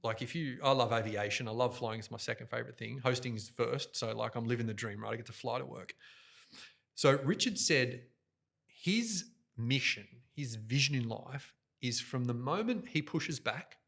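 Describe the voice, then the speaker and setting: A man in middle age, talking as a guest in a podcast studio. His voice is bright and forceful, and he talks in lively, fast bursts. He is close on a directional microphone. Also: mid-range voice, gravelly. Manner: energetic, fast, jokey, talks with his hands toward the mic. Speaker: guest, event host and MC. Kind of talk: animated interview storytelling.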